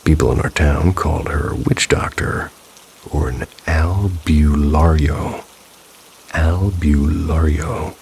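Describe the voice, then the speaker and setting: A man's voice: a bass voice, steady tone, moderate pace, creaky, a little hiss or hum. A man narrating first-person paranormal stories in a scripted way, dropping dry, wry asides. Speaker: storyteller reading viewer stories.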